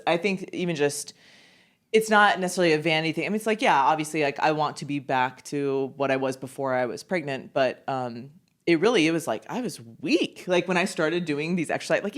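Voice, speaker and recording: A woman in her thirties co-hosting a casual podcast chat, bubbly and quick to laugh. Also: sits low. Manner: chatty, laughs often, bubbly. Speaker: podcast co-host. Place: conference venue.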